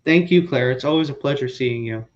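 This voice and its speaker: A man's voice: medium pitch, fairly quick, highs cut off. A man co-hosting a casual video-call chat, agreeable and encouraging.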